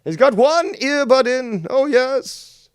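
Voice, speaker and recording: A man voicing a pompous, arrogant male emperor in a haughty, drawn-out manner. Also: extremely high pitch, lively intonation, smooth, dry recording, clean studio sound, pitched above the performer's own voice, heavily acted. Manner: haughty, drawn-out, grandiose delivery.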